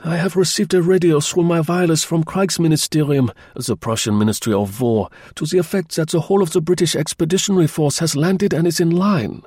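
A man voicing an older German baron who speaks gravely and insistently, with a husky voice. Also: on the high side, fairly quick, few pauses, a little mellow, no echo, studio quality, pitched above the performer's own voice. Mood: urgent warning.

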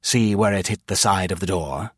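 A broad-shouldered, gruff stranger with a deep voice and a wry, wary manner , as an audiobook narrator plays him. The reading is close and dry. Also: male voice, moderate pace, fairly bright tone, dry recording. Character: heavy-set, gruff, suspicious man with a gun.

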